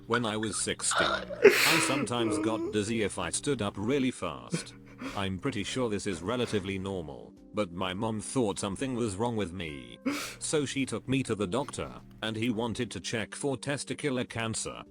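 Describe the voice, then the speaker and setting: A man's synthetic text-to-speech voice reading stories aloud in an even, steady way. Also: on the low side, normal speed, faint music behind. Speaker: story reader.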